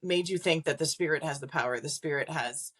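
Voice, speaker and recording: A woman's voice: sits low, a little fast, husky. A woman guest on a podcast, a psychic medium, talking casually with lots of "like" fillers and little laughs. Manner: chatty, acts out quoted voices, frequent "like" fillers; laughs between points.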